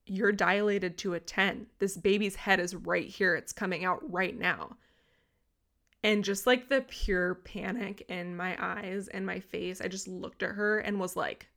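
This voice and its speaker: Candid young woman telling a story. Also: mid-range voice. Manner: candid, animated, swears freely, acts out quotes. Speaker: podcast host. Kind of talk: casual storytelling monologue.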